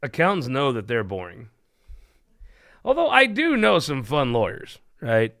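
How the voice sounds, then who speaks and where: A man's voice: mid-range voice, wildly swooping pitch, unhurried, gravelly, fairly bright tone. A man hosting a political talk show, telling jokes and chatting in a rambling, irreverent way. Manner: irreverent, rambling, laughs at his own jokes. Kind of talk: casual joke-telling chat.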